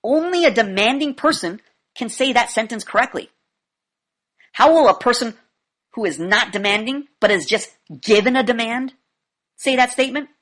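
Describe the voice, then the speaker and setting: A woman speaking coach lecturing her class in an emphatic way, blunt and sometimes profane. She swings between loud demonstrations and quiet asides. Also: fairly high pitch, expressive, moderate pace.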